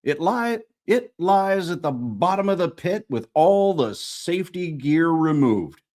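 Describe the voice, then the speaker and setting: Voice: medium pitch, sing-song, unhurried, a little mellow. An audiobook narrator reading a comic fantasy story live, retaking and repeating lines, with playful voice acting.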